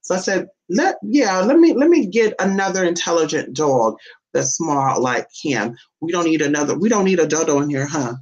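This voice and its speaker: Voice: very animated, normal speed, lo-fi sound. Brash, sassy vlogger who swears a lot. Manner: calls everyone "honey", swears freely, jumps to a high squeaky voice when teasing the dog. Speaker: vlogger talking to the camera and to a pet dog. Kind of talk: casual, profane home vlog. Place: indoors at home. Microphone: phone or camera set down nearby.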